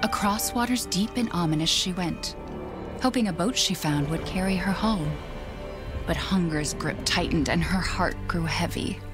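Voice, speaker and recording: Hushed low storybook voice of a woman narrating. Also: normal speed, natural voice. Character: young mother telling her baby a bedtime tale. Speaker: narrator and mother in a game. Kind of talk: storybook narration in a video game. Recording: music in the background.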